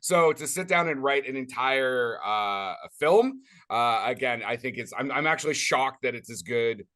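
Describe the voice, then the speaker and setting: A man hosting a movie podcast in casual chat, rambling with many restarts and quick to laugh. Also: mid-range voice, lively intonation, sharp tone. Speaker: podcast host.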